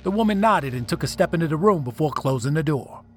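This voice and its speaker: Over soft background music, a narrator with a highish voice and lively intonation reads a scripted first-person story aloud. He talks fast and delivers it dramatically and emotionally.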